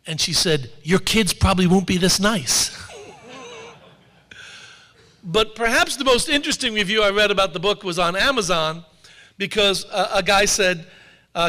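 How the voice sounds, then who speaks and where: A man's voice: high voice, normal speed, pauses often, sharp tone. Wry man speaking in an echoing hall. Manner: wry anecdotal storyteller. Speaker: author and speaker. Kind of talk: public talk to an audience. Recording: long hall reverb.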